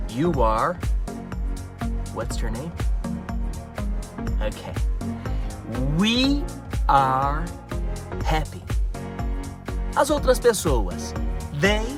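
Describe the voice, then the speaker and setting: A man with a Brazilian Portuguese accent, a native Portuguese speaker, teaching English and drilling each word deliberately and repeating phrases. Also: a little high. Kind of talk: slow, deliberate English lesson.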